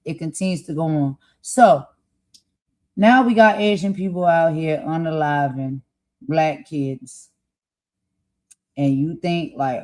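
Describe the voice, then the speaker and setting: A woman's voice: deep voice, slow, pauses often. Fired-up woman host delivering political commentary. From United States. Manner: impassioned, grows loud and emphatic.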